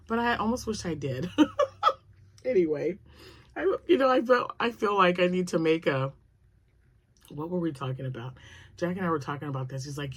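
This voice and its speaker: A woman's voice: fairly low pitch, lively intonation, fairly quick, long pauses, a bit bright, husky. A middle-aged woman chatting casually to her viewers in a crochet vlog, rambling from topic to topic with asides and little laughs. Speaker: crochet vlogger. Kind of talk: casual chat to camera.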